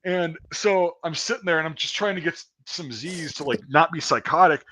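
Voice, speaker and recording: A man's voice: fairly high pitch, moderate pace, a crowd in the background, low-quality recording. A man in casual chat, telling a long story in a rambling, profane way with many restarts. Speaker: guest storyteller.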